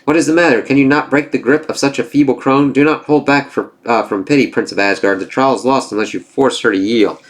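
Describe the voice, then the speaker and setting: A man's voice: mid-range voice, fairly quick, hardly any pauses, pitched above the performer's own voice, natural voice. Man voicing a scornful old giant king of illusions, declaiming, comic-book read-aloud, mid-range voice. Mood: taunting. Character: ancient male giant king of illusion, taunting.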